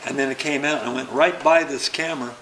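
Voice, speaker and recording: A man's voice: mid-range voice, brisk. An older man, an interview guest, telling anecdotes in casual chat and acting out the dialogue he quotes. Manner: lively storyteller who acts out quoted dialogue. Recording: roomy echo with faint background noise.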